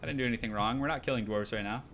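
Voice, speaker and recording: A young man streams a multiplayer game and chats very fast in an upbeat, rambling way, putting on a nasal Australian accent. His mid-range voice is fairly bright, and game music plays in the background of this casual live-stream talk.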